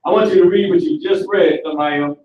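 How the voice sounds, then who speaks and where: A man's voice: high-pitched, a little fast, lo-fi sound, a little hiss or hum. A man teaching a live online class in a casual, slangy lecturing manner. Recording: echoey and distant from the mic.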